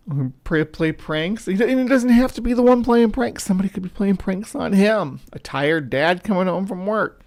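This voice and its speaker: A man's voice: high-pitched, expressive, moderate pace, darkish tone. A man hosting a live show, arguing casually with a video as it plays. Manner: argumentative, talks back to the clip. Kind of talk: casual live-stream chat.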